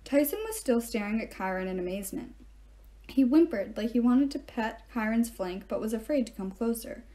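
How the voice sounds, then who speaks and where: A woman reading a novel aloud, telling the story in first person in an even way. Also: a little high, normal speed. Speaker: reader.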